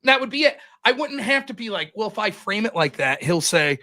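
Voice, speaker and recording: A man from outside the United States takes over a podcast as a guest, chatting casually about debating. His high, sharply bright voice moves fast with few pauses, and he's animated and profane, acting out quoted exchanges in different tones.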